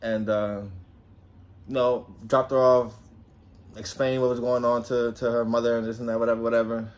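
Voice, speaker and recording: A young man from New Jersey telling a personal story in a casual, animated way, swearing freely and acting out quotes in a raised voice. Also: medium pitch, moderate pace.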